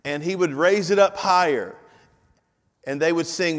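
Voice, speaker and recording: A man preaching a sermon with emphatic, repetitive delivery that builds to loud climaxes, with casual asides to the congregation and the slide operator. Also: fairly high pitch, normal speed. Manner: informal asides to the congregation and tech team. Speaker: pastor. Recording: long reverb of a large hall.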